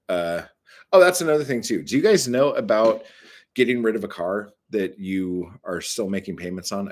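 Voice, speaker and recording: Venting frustration on a casual live stream, a low-pitched man swears a lot and rambles, leaning on fillers and correcting himself repeatedly.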